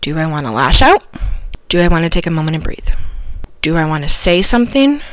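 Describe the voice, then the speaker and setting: A woman hosts a solo advice podcast in a low-set voice and speaks with earnest emphasis. She tells stories with sudden loud bursts. The sound is close and dry, with no room echo. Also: big pitch swings, brisk. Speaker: podcast host.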